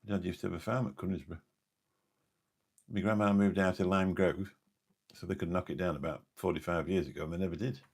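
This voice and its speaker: A very low-pitched English man in his fifties with a gravelly edge and a husky, rough tone. He chats on a late-night live stream, wandering from point to point and losing his thread as he answers viewers. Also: fairly even intonation, a little fast, long pauses, darkish tone. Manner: rambling, forgetful, chatty, answers viewer comments. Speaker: live streamer and taxi driver.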